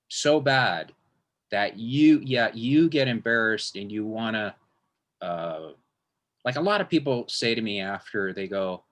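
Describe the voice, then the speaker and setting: A man's voice: medium pitch, a bit bright. A man, a magician, talking in a casual interview, rambling with frequent restarts and acting out quotes.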